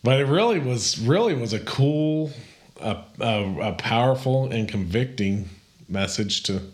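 A man's voice: mid-range voice, lively intonation, unhurried, darkish tone. A man with a Texan accent, a pastor co-hosting a casual podcast chat, telling stories in a rambling, easygoing way. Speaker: podcast co-host.

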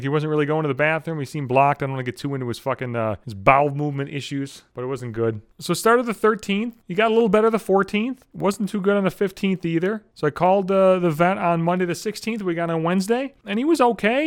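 A man talks alone on his podcast, his voice a touch high and his words tumbling out quickly. He is distressed and worn out, rambling and swearing as he goes. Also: clean tone. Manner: profane, rambling, raw and upset. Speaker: podcast host. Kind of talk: emotional solo podcast monologue.

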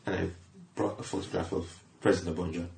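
A middle-aged British man talks through his comedy career in a relaxed interview. His voice sits very low with a gravelly fry, and he often repeats words while he gathers his thoughts. The recording has a roomy echo. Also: quick pace, slight background noise. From Britain, born in Liverpool. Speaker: comedian guest. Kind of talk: casual conversational interview.

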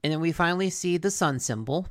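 A woman with a lowish, expressive voice talks fast as she co-hosts a casual chat. She recaps a cartoon episode in a rambling way, piling on fillers and restarting often.

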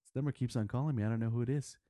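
A man's voice: mid-range voice, very fast, mellow, no echo, studio quality. A man co-hosting a radio show, teasing his partner in casual banter and sometimes slipping into a valley-girl lilt. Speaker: radio co-host.

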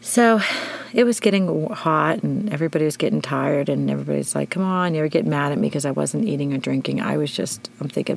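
Middle-aged female podcast host, deep and creaky, emotional storyteller. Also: fast. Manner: emotional, animated retelling with shouted quotes. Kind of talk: personal storytelling.

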